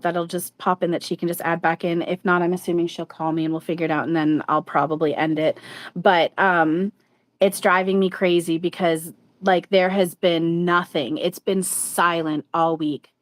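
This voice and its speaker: Blunt, low-voiced woman host swearing. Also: fairly even intonation, normal speed, no echo. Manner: blunt, swears freely, rambling with many fillers. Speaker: channeler and livestream host. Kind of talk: casual livestream chat.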